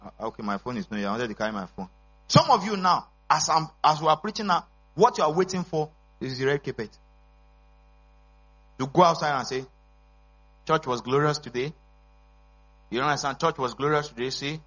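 A male pastor preaches in a church service, pushing his points with call-and-response and sudden shouts. His voice is high, bright and husky, swinging widely in pitch. The recording is dull and lo-fi, with a steady mains hum underneath. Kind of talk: sermon.

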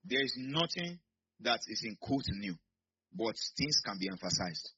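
A Nigerian man preaching a sermon in church, swinging between quiet asides and sudden shouts. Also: medium pitch, sing-song, normal speed, breathy edge, highs cut off. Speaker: pastor.

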